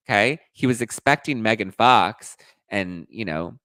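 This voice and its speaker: A sassy male podcast host dishing pop-culture gossip, his pitch leaping up and down as he acts out quotes in voices. His voice sits on the low side, and the close, dry sound has no room echo at all. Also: animated, unhurried, sharp tone. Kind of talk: casual gossip commentary.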